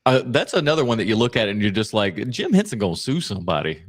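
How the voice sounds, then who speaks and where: A man's voice: lowish voice, sing-song, fast talker, dry recording, studio quality. A middle-aged man hosting a casual movie podcast, joking and self-deprecating. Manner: laughing, self-deprecating banter. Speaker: podcast host.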